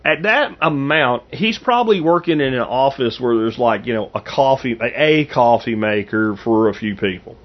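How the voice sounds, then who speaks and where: A man's voice: medium pitch, animated, normal speed, hardly any pauses, lo-fi sound. A man in his fifties hosting a podcast, rambling casually through anecdotes with frequent restarts. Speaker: podcast host. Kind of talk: casual monologue.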